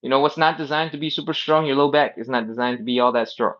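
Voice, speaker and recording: A man's voice: mid-range voice, fast talker, a bit bright, lo-fi sound. A man leading a live-streamed stretching class, explaining moves casually and often checking in with "all right?" while he exercises on the floor. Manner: cues exercises while doing them on the floor. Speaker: fitness instructor.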